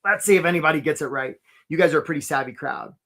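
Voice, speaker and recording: Lively high-voiced man coaching a webinar. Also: quick pace. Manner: animated, calls out attendees by name, acts out little voices. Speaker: career coach hosting a live webinar. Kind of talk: energetic webinar presentation.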